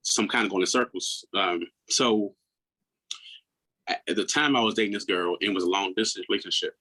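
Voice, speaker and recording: A man in his thirties, a podcast guest, telling his own story in a candid, earnest way, often restarting his words and acting out what others said in a higher voice. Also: brisk, pushed and bright, poor audio. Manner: acts out quoted people in a raised voice.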